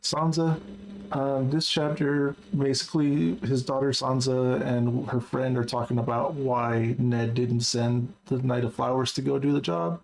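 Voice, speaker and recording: A man's voice: medium pitch, fairly even intonation, unhurried, vocal fry, darkish tone, slight background noise, poor audio. A man casually recapping a book he read, chatty and wry with lots of asides. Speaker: book journal vlogger.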